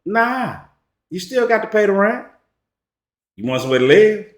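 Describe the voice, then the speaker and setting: A man's voice: high-pitched, very animated, normal speed. A man giving a casual storytelling monologue as a relationship commentator, slangy and emphatic. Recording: echoey room.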